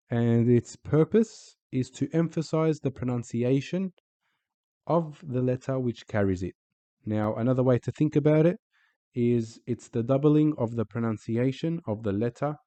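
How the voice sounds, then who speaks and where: Patient man teaching in a mellow voice. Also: medium pitch, no echo. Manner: patient, repeats example words slowly. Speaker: Arabic teacher. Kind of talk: recorded teaching voice-over.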